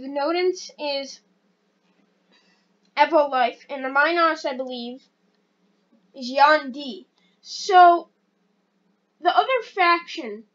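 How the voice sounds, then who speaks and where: High pitched girl rambling over her game, excitable, kinda self-deprecating, muffled lo-fi mic. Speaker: gaming channel host. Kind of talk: casual gameplay commentary.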